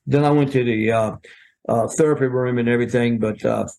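A man's voice: medium pitch, a little fast, vocal fry. An older man, a guest telling folksy, rambling stories and acting out what others said. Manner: animated, rambling, acts out quoted voices. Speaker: guest, veteran wrestling referee. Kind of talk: folksy storytelling.

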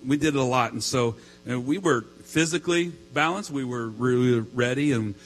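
A man's voice: medium pitch, fairly quick, poor audio. Storytelling male pastor over mains hum. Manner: casual storytelling with many fillers. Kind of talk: sermon with a personal story.

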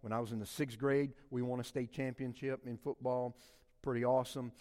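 Preaching and telling stories from his own life, this middle-aged Louisianan swings between hushed, low moments and loud, fervent climaxes. The tone stays level, the pace runs a little fast, and the sound fills a big room.

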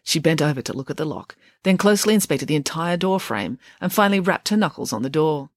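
A woman's voice: sits low, quick pace, hardly any pauses, dry recording, studio quality. A woman reading a children's novel aloud, switching into voices for each character. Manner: lively storytelling with character voices. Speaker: audiobook narrator.

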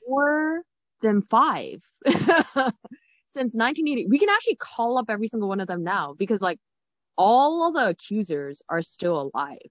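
A woman co-hosting a casual chat, frank and animated, with many "like" fillers. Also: medium pitch, moderate pace, dry recording. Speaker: podcast co-host.

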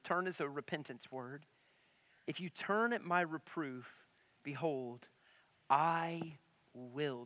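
A young adult man preaching a sermon in a church, telling stories with animation and swinging from loud to hushed. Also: fairly high pitch. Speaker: pastor.

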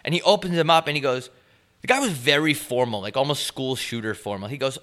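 Quick-paced and medium-pitched, an animated young man tells a story as a podcast co-host in casual chat. He swears and acts out the voices of people he met.

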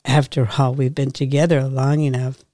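A woman's voice: a bass voice, little pitch movement, moderate pace, mellow, dry recording, studio quality. A woman voicing a nervous young man. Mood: earnest.

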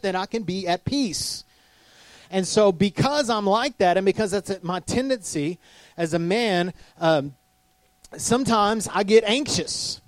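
A man's voice: a little high, darkish tone, dry recording. A middle-aged man preaching a conversational sermon, self-deprecating and often asking the crowd if they are with him. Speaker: pastor.

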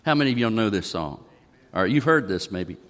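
Folksy pastor in a reverberant church. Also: male voice, lowish voice, animated, a little fast, fairly bright tone. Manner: folksy, conversational, reads song lyrics aloud. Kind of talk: sermon. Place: church sanctuary. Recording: long reverb of a church hall.

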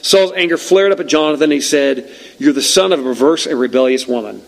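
A man's voice: on the high side, brisk, creaky, rough recording. A male pastor preaching a conversational, emphatic sermon with frequent asides to the congregation.

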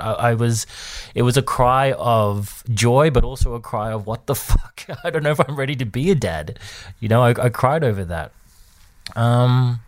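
Hesitant man in his thirties. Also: mid-range voice. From Australia. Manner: hesitant, restarts and repeats words, soft laughs. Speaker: vlogger. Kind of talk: candid personal monologue.

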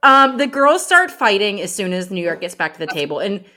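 Bright-voiced chatty woman podcaster. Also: medium pitch, very animated, fairly quick. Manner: chatty storyteller, many fillers, swears freely. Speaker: podcast co-host. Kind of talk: casual chat recapping a reality show.

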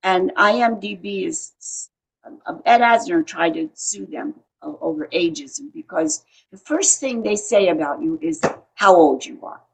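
A woman's voice: fairly low pitch, lively intonation, measured pace, vocal fry, husky. A woman in her eighties, a veteran actress, chatting as an interview guest and telling stories with frequent restarts. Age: 80s. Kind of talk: casual interview chat.

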